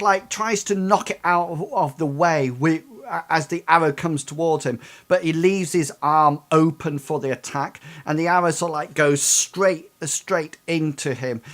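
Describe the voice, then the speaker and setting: Slow, halting male game master. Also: a little high, fairly bright tone. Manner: hesitant, many ums while narrating. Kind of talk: narrating a tabletop game.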